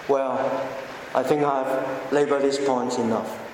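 A man preaching a sermon with a measured, emphatic delivery and deliberate pauses, recorded in a church. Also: mid-range voice, steady tone, noisy background. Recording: echoey hall, heard from a distance.

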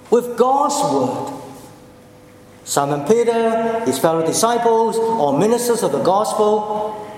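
High-voiced preacher in an echoing hall. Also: male voice, a little hiss or hum. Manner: slow and deliberate, dropping low and soft for quoted words. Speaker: pastor. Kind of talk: sermon. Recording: echoey hall with long reverb.

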